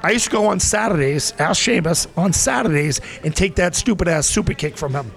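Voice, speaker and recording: A man's voice: high-pitched, brisk, gravelly. A man in his forties from Massachusetts, an interview guest telling rambling stories and acting out the people in them. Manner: rambling, animated, acts out voices in anecdotes. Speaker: interview guest, former pro wrestler. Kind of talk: casual storytelling.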